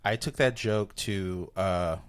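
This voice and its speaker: A man, a comedian, talking casually on a podcast, rambling and animated, with many restarts. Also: low voice, slow, clean tone. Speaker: comedian guest.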